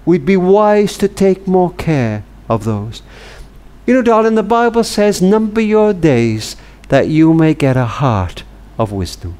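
An older man telling a tender story in a talk, slowing to a hush on key words. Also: a little high, clear, resonant tone. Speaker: speaker.

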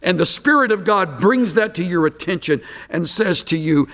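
A man preaching an expository sermon, emphatic and slowing down to stress key phrases. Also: sits high, expressive, fairly bright tone, long reverb tail.

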